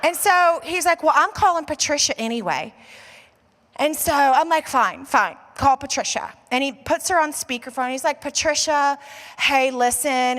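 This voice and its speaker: An American woman pastor tells a story from the pulpit, acting out each person's lines in a lively, chatty way. Her voice is high and bright. It rings with the long reverb of a large church hall. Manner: animated storyteller acting out dialogue, says "like" often. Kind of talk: sermon storytelling. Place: church auditorium.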